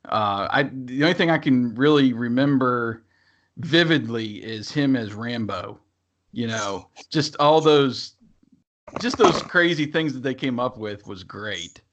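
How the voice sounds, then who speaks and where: A man's voice: mid-range voice, a bit bright. A man co-hosting a podcast, chatting casually about movies and rambling through fillers and restarts. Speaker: podcast co-host. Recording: dull lo-fi sound.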